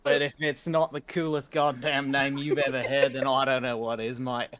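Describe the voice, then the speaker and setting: A man's voice: medium pitch, flat delivery, moderate pace, fairly bright tone. A man giving casual, joking commentary on a sim racing stream. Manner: playful, hamming up jokes. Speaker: race commentator.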